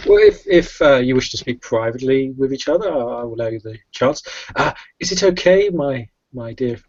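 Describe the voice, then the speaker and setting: A man voicing a polite, gentlemanly male vampire who speaks formally and hesitantly, in a dull lo-fi recording. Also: medium pitch, huge pitch swings, brisk. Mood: courtly.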